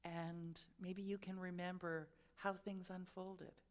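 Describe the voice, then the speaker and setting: A woman giving a sermon at a spiritual centre, telling a personal story in a reflective, gently guiding way and laughing at herself now and then. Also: on the low side, little pitch movement, slow pace. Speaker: spiritual speaker.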